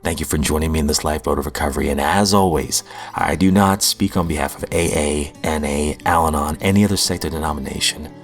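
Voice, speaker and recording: A man's voice: extremely low pitch, fairly even intonation, fast talker, faint music behind. A man hosting a recovery podcast, telling his own story in an earnest, heartfelt, self-deprecating way. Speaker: podcast host. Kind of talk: personal recovery testimony.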